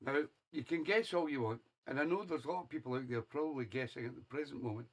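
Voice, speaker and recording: A man's voice: medium pitch, quick pace. A man hosting a radio show, chatting casually between songs in a jokey, teasing way and chuckling often. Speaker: radio DJ host.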